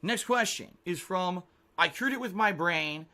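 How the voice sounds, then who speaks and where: A man's voice: high-pitched, animated, measured pace, pushed and bright. Heated, foul-mouthed male streamer. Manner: heated, profane ranting. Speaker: live streamer. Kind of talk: unscripted stream talk to chat.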